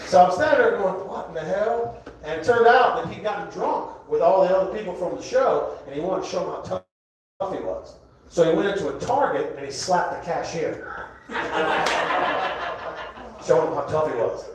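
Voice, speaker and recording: A Southern man performs a rambling stand-up set and keeps chuckling at his own jokes. His voice sits fairly high for a man. The sound is very echoey and a bit distant, with a live crowd audible in the club. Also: lively intonation, normal speed. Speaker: stand-up comedian. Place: comedy club, indoors.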